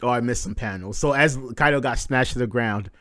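A man's voice: mid-range voice, brisk, no room sound. Hyped guy reading manga live, cussing and describing panels, dead dry audio. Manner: excited, swearing, narrating panels. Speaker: manga reaction host.

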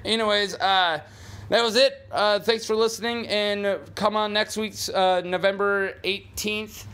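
A man's voice: high-pitched, steady tone, a little slow, sharp tone. A man hosting a casual podcast in a basement, rambling with lots of fillers and restarts. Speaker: podcast host. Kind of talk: casual chat. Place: basement studio.

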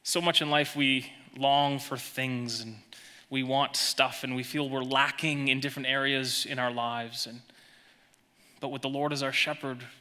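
Bright-voiced man preaching in a reverberant hall. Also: medium pitch, little pitch movement. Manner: emphatic preaching, dropping soft and slow on quoted verses. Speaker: pastor. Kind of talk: sermon. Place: church sanctuary.

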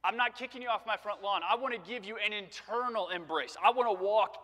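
A male preacher quoting Christ in a soft, slow, tender voice during a sermon. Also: sits high, big-room sound, pitched above the performer's own voice. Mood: earnest. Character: gentle loving male Christ, quiet and tender.

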